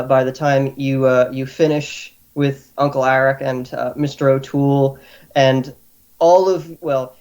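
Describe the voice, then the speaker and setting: A man's voice: medium pitch, a little mellow. A man running a tabletop game as game master, narrating in an easygoing way with many fillers.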